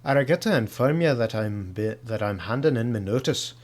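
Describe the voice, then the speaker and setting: A man's voice: medium pitch, animated, brisk, close to an everyday voice. A man putting on an Irish accent to voice a male groundskeeper politely reading his letter of resignation. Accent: put-on Irish. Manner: formal letter read aloud.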